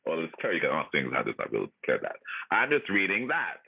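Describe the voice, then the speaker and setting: A man ranting on a livestream in a sassy, profane, animated way. His voice leaps up and down and has a husky grain. The sound is thin and phone-like. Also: a bass voice, fast talker. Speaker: livestream host. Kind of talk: casual chat, ranting. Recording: tinny phone-like audio.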